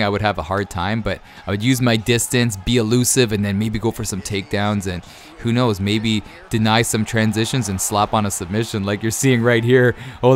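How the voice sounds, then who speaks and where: A man in his thirties answering viewer questions in a rambling, easily excited way with many fillers. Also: on the low side, a little hiss or hum. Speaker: YouTube gaming creator. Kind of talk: casual Q&A over gameplay.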